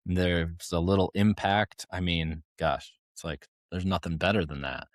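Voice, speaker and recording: A man's voice: deep voice, steady tone, a little slow, dry recording, studio quality. A man talking candidly as a podcast guest, a touring family musician rambling through stories with many restarts. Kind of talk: casual podcast conversation.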